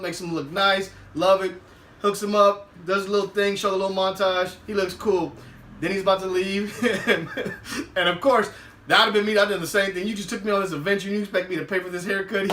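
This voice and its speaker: A podcast host with a high, bright voice recaps a TV episode animatedly, laughing often and acting out quotes. He sounds roomy and far from the mic, with a little hiss or hum.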